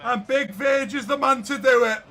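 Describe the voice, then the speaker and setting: With an extremely high voice, this gaming YouTuber commentates while he plays a football video game. Calling his viewers guys and lads, he gets excited easily and yells at what happens on the pitch.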